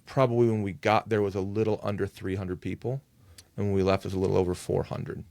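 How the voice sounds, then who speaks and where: A man who is a lead pastor, talking as a guest on a podcast in a thoughtful, measured way with frequent fillers. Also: low voice, little pitch movement, creaky, darkish tone, dry recording. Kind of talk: conversational podcast interview.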